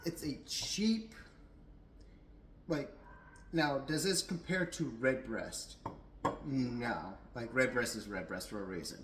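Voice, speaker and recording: A man's voice: medium pitch, unhurried, fairly bright tone, reverberant, a little hiss or hum, rough recording. A young adult man giving a casual, rambling whiskey tasting review at home, a little tipsy, with lots of fillers and restarts.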